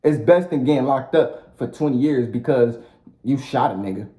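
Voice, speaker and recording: A man's voice: mid-range voice, normal speed, dark tone. Profane, blunt man ranting in an echoey room. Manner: blunt, profane, repetitive street talk. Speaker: vlogger. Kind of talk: casual rant to the camera. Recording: roomy echo.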